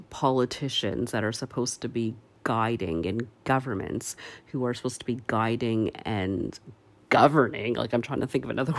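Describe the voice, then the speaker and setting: Slow, halting man speaking earnestly. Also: medium pitch. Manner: slow and halting, with many pauses and fillers; firm and emphatic on key words. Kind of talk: earnest opinion commentary.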